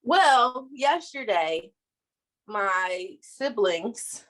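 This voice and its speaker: A young woman on a video call chat, telling a family story in a hesitant, chatty way with many pauses. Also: fairly high pitch, animated, a bit bright, low-quality recording. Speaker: guest sharing a story.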